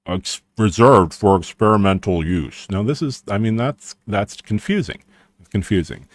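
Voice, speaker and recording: A low-pitched man thinks aloud as he pages through an old language book, restarting his sentences and hedging with a wry, easygoing manner. The sound is dry and close, with no room around it. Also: normal speed, no room sound. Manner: rambling, many restarts and fillers, wry. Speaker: language commentator. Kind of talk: casual unscripted commentary reading through a book.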